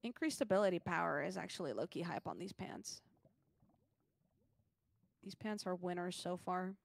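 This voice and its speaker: A woman's voice: fairly low pitch, moderate pace, creaky, no room sound. A young woman streaming a game, chatting casually and grumbling playfully about her loot. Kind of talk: casual gaming stream chat.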